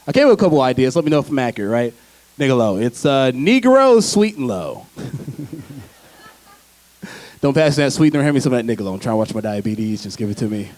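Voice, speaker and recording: A man's voice: medium pitch, big pitch swings, fairly quick, long pauses, darkish tone. A man performing a stand-up comedy set on stage, talking loosely and chatting with the crowd between jokes. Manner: loose, conversational delivery with frequent laughs and asides to the crowd. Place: theater stage before a live audience.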